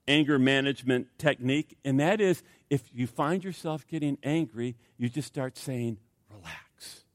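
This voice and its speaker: A man's voice: mid-range voice, no room sound. A man preaching a sermon as pastor, chatty and humorous, with many fillers and restarts.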